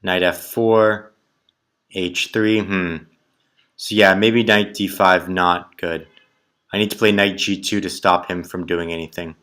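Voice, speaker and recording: A man's voice: low-pitched, fairly even intonation, unhurried, a bit bright, clean tone. A man thinking aloud as he solves chess puzzles, muttering moves in short clipped phrases. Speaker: chess player solving tactics puzzles. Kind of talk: thinking aloud while calculating.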